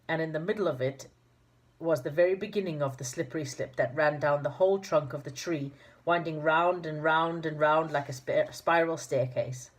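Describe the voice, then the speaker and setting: A woman reading a children's storybook aloud in an informal manner, with fillers and restarts. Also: low-pitched. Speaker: narrator.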